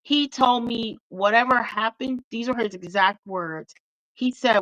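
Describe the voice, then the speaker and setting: A woman's voice: on the high side, moderate pace, bright, forceful tone, a little hiss or hum, low-quality recording. A middle-aged woman, a guest author, telling her story with earnest feeling in a casual interview chat.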